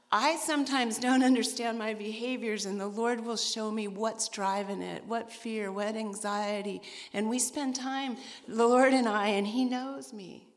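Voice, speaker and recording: Middle-aged woman sharing her testimony, candid and self-mocking, church hall reverb. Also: fairly low pitch. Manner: candid, self-deprecating, laughs at herself. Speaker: women's ministry leader. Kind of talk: personal testimony talk. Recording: echoey hall.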